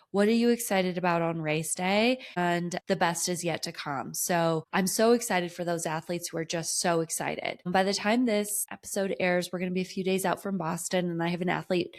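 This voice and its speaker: A woman's voice: on the low side, steady tone, normal speed, hardly any pauses. A woman in her thirties hosting a podcast as a running coach, talking in an upbeat, enthusiastic, motivational way. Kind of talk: solo podcast talk.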